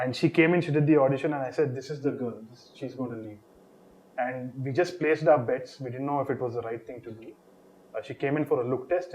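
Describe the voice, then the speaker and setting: A film director talking in an interview, telling an animated story and laughing often. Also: male voice, medium pitch, poor audio. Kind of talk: casual interview answer.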